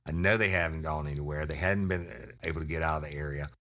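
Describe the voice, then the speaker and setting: A retired sheriff's deputy, telling a crime story in a blunt, profane, animated way. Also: male voice, rumbling low, quick pace.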